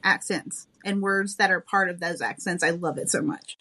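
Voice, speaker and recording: A woman's voice: on the low side, steady tone, moderate pace, bright, forceful tone, low-quality recording. A woman who writes romance novels, a podcast guest chatting in an enthusiastic, thoughtful and modest way. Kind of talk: casual interview chat.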